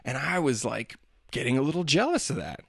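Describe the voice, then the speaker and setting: A man's voice: medium pitch, big pitch swings, brisk, creaky, breathy edge, no echo. Middle-aged male host, casual rambling storyteller, mid-range voice, dead-dry recording. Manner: chatty, self-deprecating, demonstrates singing sounds. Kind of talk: casual monologue.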